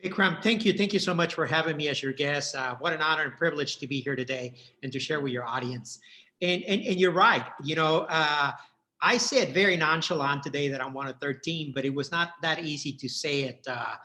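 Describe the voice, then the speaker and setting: Brief: middle-aged man from Mexico, fairly high voice, earnest and heartfelt guest. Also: a little fast, sharp tone. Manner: earnest, heartfelt, many repeated starts. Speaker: guest, entrepreneur. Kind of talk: personal life story in interview.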